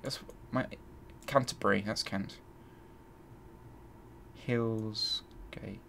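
A man's voice: on the low side, very slow, vocal fry, pushed and bright, a little hiss or hum. A man hosting a let's play, thinking aloud and grumbling as he searches. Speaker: gaming channel host.

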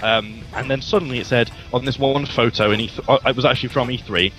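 A man's voice: medium pitch, fairly even intonation, fast talker, fairly bright tone, faint music behind, poor audio. A young man from England, telling a story to a friend in a casual, joking way with some swearing. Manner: chatty, swears casually, jokes at himself. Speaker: vlogger.

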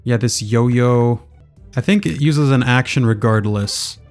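A man narrating his video game play in a loose, casual way, half talking to himself as he works out his next move. His voice sits at an average pitch, and soft music plays underneath. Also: unhurried. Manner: casual, muttering as he thinks aloud. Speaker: gaming video creator. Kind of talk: let's play gaming commentary.

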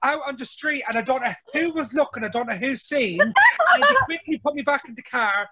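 Blunt, high-voiced man. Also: brisk, background noise. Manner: blunt, swears freely, tells stories animatedly. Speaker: reality show guest. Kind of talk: casual chat.

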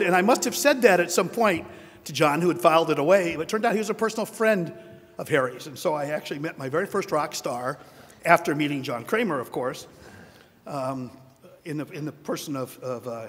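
Older man, wry acceptance speech, fairly high voice, big reverberant hall. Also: slight background noise. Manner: wry, self-deprecating, anecdotal. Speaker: award recipient giving acceptance speech. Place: large hotel ballroom at a conference.

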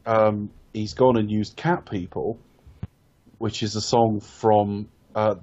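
A man's voice: fairly low pitch, level tone, slow pace, darkish tone, muffled recording. A man co-hosting a casual film review podcast, rambling and correcting himself as he talks, with casual swearing. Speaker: podcast co-host.

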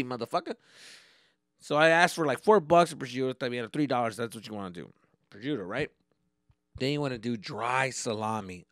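With a medium-pitched, clear and resonant voice, a man hosts a comedy podcast in a dry, studio-quality recording at normal speed. He talks casually and profanely, mixes Spanish slang into his English, and acts out exchanges in animated stories.

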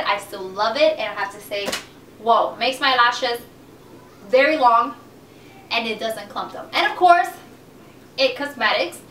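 A woman's voice: on the high side, bright, forceful tone, reverberant, distant mic, a little hiss or hum. A young woman chatting casually through a beauty product review, gushing about favorites. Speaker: beauty vlogger.

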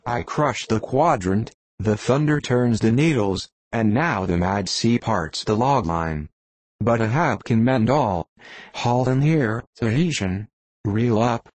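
A man's voice: on the low side, a little mellow, dry recording. A man voicing an obsessed old sea captain in an audiobook, speaking in grand, archaic declamations.

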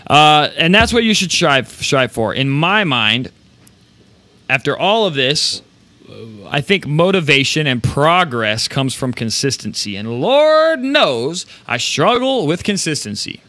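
A man hosting a podcast, giving energetic, rambling motivational talk with casual swearing. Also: on the high side, unhurried. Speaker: podcast host.

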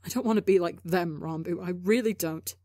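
A woman's voice: medium pitch, slow pace, darkish tone, no echo. Woman reading desperate young man, pleading, stammering, dry close sound. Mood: earnest. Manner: pleading, stammering with broken restarts. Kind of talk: audiobook character reading.

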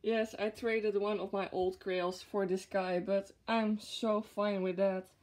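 A woman's voice: mid-range voice, flat delivery, slow, darkish tone. A young woman vlogging an unboxing in casual chat to camera, gushing and giggly. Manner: gushing and giggly, with frequent laughs. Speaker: vlogger showing a plush unboxing.

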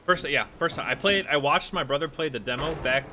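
A man's voice: a little high, a little fast, bright, forceful tone, a little hiss or hum. A young man streaming a horror game, jumpy and swearing, laughing nervously as he plays. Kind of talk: let's play commentary.

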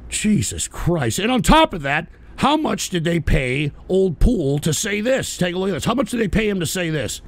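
A man with a high, gravelly voice hosts a live call-in talk show. His pitch jumps all over the place as he fires off profane, combative tirades and breaks into shouts. He sounds like he is picking a fight with his listeners. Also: big pitch swings, moderate pace, few pauses. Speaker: show host.

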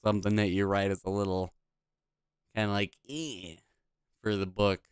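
A man's voice: on the low side, flat delivery, moderate pace, clear, resonant tone, dry recording, clean studio sound. A man casually commenting on a video game he is playing, blunt, profane and rambling. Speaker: gaming video host.

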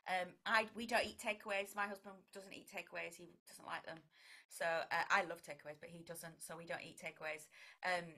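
Vicar lady chatting away, bright voice, acts out little conversations. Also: fairly low pitch, fairly quick. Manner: chatty and animated, acts out quoted exchanges. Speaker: vicar and broadcaster. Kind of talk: conversational interview.

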